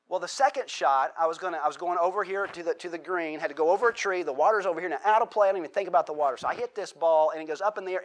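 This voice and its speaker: Animated conversational male preacher. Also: a little high, very fast, hardly any pauses. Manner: conversational, animated storytelling with rising emphasis; frequent restarts and repeated words. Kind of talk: sermon.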